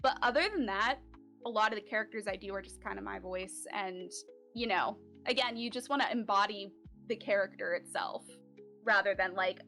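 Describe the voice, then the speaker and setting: A woman from Central Florida talks casually as a voice actor guest on an interview show. Her voice is bright and clear at a middle pitch. She rambles in a chatty way, full of "like" and "um" fillers. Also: normal speed, faint music behind. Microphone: home recording setup.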